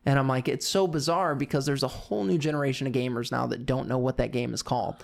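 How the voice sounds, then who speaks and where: A man's voice: medium pitch, fairly even intonation, fast, vocal fry. A middle-aged man co-hosting a podcast, telling stories in a casual, amused way and often repeating himself. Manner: storytelling, amused, repeats "I'm like". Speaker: podcast co-host. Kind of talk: casual chat.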